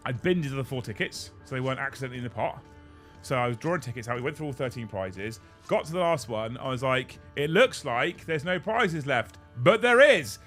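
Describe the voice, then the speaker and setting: A man hosting a casual chat, telling an animated story and swearing freely. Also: medium pitch. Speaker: host.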